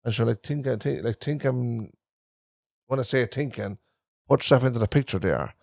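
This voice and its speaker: A man's voice: medium pitch, moderate pace, creaky, darkish tone, no room sound, clean studio sound. A man with an Irish Traveller accent, a podcast host who rambles and repeats himself while telling family stories in a casual chat recorded in a caravan.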